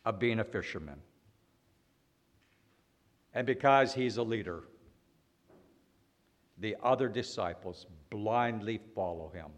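A man preaching a sermon, slow and deliberate, swinging between loud emphatic lines and quiet ones. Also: on the low side, lively intonation.

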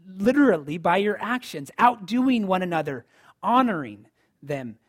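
A man's voice: high-pitched, big pitch swings, moderate pace. A man preaching a sermon in a conversational style, rising to emphatic lines. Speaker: pastor.

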